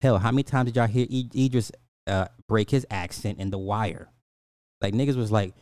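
Recorded dry in a clean studio, a forties-aged man from the United States talks fairly quickly in a lowish, darkish voice with an African American Vernacular English accent. As host, he reads news quotes aloud, stammers and restarts, reacts to chat, and gives blunt, profane opinions.

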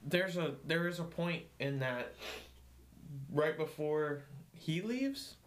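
A man's voice: a little high, animated, slow pace. A man co-hosting a podcast, blunt and rambling, swearing casually in chat. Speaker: podcast co-host.

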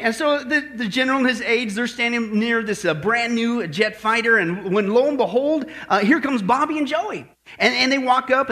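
A man's voice: extremely high pitch, bright, forceful tone. A male pastor preaching a sermon in a folksy, joking manner, telling a story before moving into his teaching. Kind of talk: sermon with joke.

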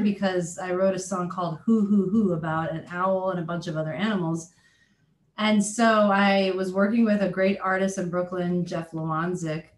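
A woman's voice: fairly low pitch, slight background noise. Woman chatting in an echoey room. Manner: chatty, laughs often, lots of ums and restarts. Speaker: children's musician, guest. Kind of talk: casual interview chat. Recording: roomy echo.

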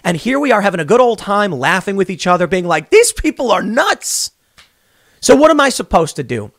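A young man hosting a podcast, giving opinionated political commentary in a rambling, animated way with many restarts, recorded in a small closet studio. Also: high-pitched, quick pace, no room sound. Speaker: podcast host.

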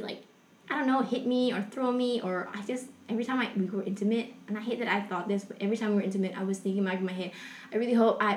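A young woman telling a personal story in a casual, rambling way, full of fillers, with a soft confessional tone. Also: medium pitch, roomy sound.

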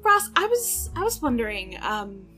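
A woman putting on a shy, bright-voiced schoolgirl. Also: fairly high pitch, sing-song, moderate pace, soft background music. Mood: shy, nervous. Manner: nervous, hesitant. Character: shy, hopeful teenage schoolgirl.

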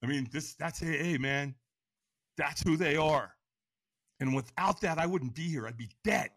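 A man in his sixties, a podcast guest, frankly telling his own story in an animated way and acting out the voices. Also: on the high side, normal speed, dry recording. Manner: animated, acts out voices and inner dialogue; frank, casual speech. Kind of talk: personal storytelling in an interview.

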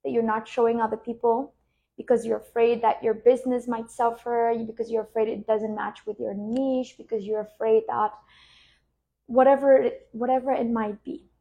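A woman podcast host and business coach, speaking slowly and soothingly as she guides a relaxation and coaching reflection. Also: fairly high pitch, level tone, gravelly, mellow, muffled recording.

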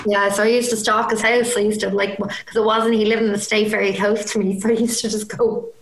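A woman talks in casual chat, throwing in quick joking asides. Her voice has a middle pitch, and there is a roomy echo around it. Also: flat delivery.

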